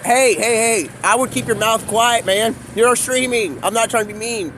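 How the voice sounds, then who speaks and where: A man's voice: sits high, fairly quick, fairly bright tone, a little hiss or hum. A man live-streaming outdoors on his phone, talking in a rambling, free-associating monologue that jumps from topic to topic. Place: outdoors on a city street.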